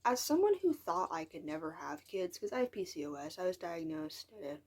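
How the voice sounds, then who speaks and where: A woman's voice: on the low side, sing-song, fairly quick, a little mellow. An eighteen-year-old woman talking in a casual vlog monologue, frank and frustrated, rambling and dropping into whispered asides. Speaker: vlogger.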